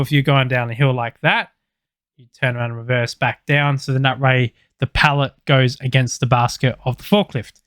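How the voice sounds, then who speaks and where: Aussie bloke on a podcast rambling thru a work story, swears a lot, mid pitch, dry sound. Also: male voice, fairly bright tone, no echo. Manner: loose, sweary storytelling with many fillers. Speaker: podcast co-host. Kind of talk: casual chat, storytelling.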